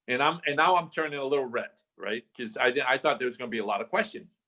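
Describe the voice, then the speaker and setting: A man's voice: mid-range voice, lively intonation, fast, sharp tone. An older man guest from Southern California telling a story in a podcast interview, acting out the voices he quotes and restarting his phrases often.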